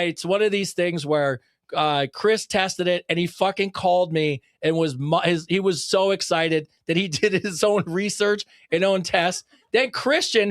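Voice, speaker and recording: A man co-hosting a casual podcast, talking in an excitable, rambling way with plenty of swearing and laughter. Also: sits high, no room sound, studio quality. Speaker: podcast co-host.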